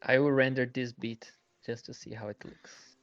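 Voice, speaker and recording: A man's voice: mid-range voice, little pitch movement, normal speed, dry recording, muffled recording. A man, a guest artist, chatting casually and thinking aloud as he paints live. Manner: thinks aloud while working, hesitant.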